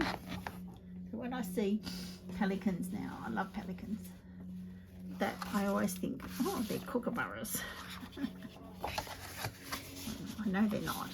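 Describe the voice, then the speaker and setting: Slow-talking woman with a gravelly voice. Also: medium pitch, very noisy. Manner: chatty, often drops to a soft half-whisper while working. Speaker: papercraft demonstrator. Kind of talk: chatty craft tutorial.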